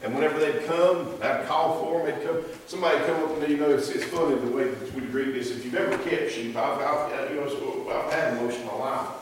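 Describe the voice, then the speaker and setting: A man's voice: a little high, fairly even intonation, a little fast, hardly any pauses, distant mic, slight background noise. A man preaching a sermon in a church, moving from folksy storytelling into fervent preaching. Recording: echoey hall, voice from afar.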